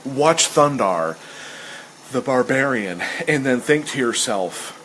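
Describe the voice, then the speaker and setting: A man chats casually as host in a rambling, enthusiastic way, his voice sitting at an ordinary middle pitch. He keeps acting out the lines he quotes. A faint hiss stays behind him. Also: animated, slow pace, fairly bright tone, low-quality recording. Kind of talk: casual chat while sketching.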